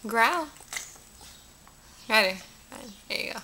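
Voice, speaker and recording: A woman's voice: a little high, expressive, slow pace, bright, forceful tone, slight background noise. A woman filming her dogs at home, coaxing them through tricks with short repeated commands. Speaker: pet owner. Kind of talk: home video talking to pets.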